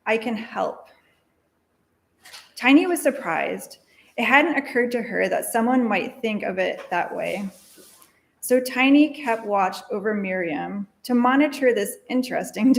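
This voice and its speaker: A woman telling a story for all ages during a worship service, slow and gentle with repeated refrains. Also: fairly high pitch.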